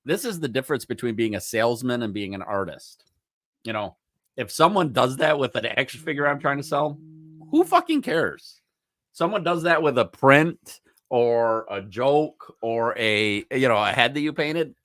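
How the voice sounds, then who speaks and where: A mid-pitched man chats casually on a podcast. His pitch moves around a lot, and he shifts between soft asides and emphatic remarks. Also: expressive, moderate pace. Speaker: podcast co-host.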